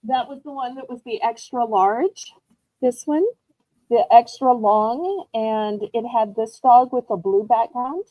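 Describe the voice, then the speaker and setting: A woman's voice: a little high, measured pace, warm tone, no echo, rough recording. A woman hosting a live online auction, chatting in a gushing, upbeat way as she shows items. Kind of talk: live selling stream chat.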